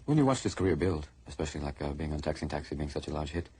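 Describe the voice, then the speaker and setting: A man in a documentary interview, telling stories rapidly and with animation. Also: a bass voice, very noisy. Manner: rapid, animated storytelling that bursts into shouted quotes. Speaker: interviewee recalling a friend.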